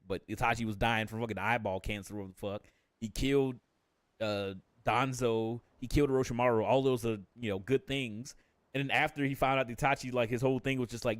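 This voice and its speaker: A man's voice: mid-range voice, no echo, studio quality. A man ranting casually on a live stream, swearing constantly, laughing often and jumping into quoted character voices.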